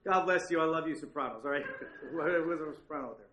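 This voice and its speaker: A man's voice: on the high side, fast, fairly bright tone, reverberant, slight background noise. A male pastor preaching a sermon in a conversational way, with frequent asides and check-ins with his listeners.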